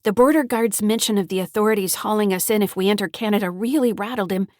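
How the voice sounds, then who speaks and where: A woman's voice: medium pitch, quick pace, a little mellow, dry recording, natural voice. A woman narrating an audiobook as a frightened teenage granddaughter, shaky and pleading, in a dry close recording. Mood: tense.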